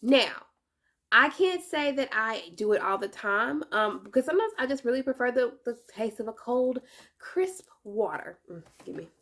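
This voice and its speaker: Young woman vlogger, chatty and animated, playful asides, voice on the higher side. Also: normal speed. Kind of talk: casual advice vlog.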